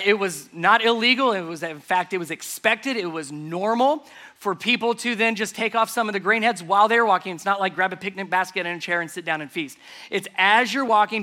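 A man delivers a sermon, walking through a scripture passage in a conversational, explaining way. His voice sits high and sounds bright and forceful. He keeps asking the listeners rhetorical questions. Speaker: pastor.

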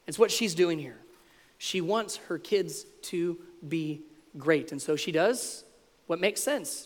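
A man in his thirties preaching a sermon, lively and playful, acting out the voices in the stories he tells. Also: a little high, slow, in a large hall. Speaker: pastor.

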